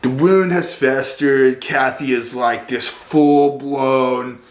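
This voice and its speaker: A man rants to his viewers in a rambling, sarcastic way, leaning hard on fillers. His voice sits at an ordinary pitch. The room gives it a roomy echo. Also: fairly even intonation, slow. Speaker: vlogger. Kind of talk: comedic rant.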